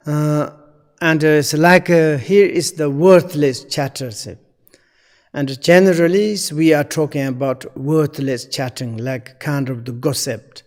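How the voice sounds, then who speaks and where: A man with a slightly high voice teaches Buddhist Dharma, speaking slowly in non-native English. He stops often with fillers as he searches for the right words. His voice carries a long hall-like reverb. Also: fairly even intonation.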